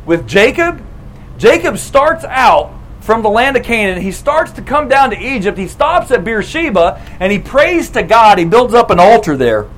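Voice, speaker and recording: High-voiced man preaching in casual storytelling. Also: slight background noise, low-quality recording. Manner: animated, casual retelling with quick acted quotes. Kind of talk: storytelling sermon.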